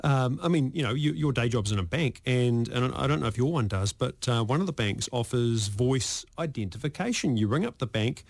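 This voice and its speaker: A male radio talk show host chats casually in a medium-pitched voice, speaking animatedly, a little fast, and with few pauses. He's jokey and rambling, stammering over repeated words, and the recording is close and dry on a studio microphone.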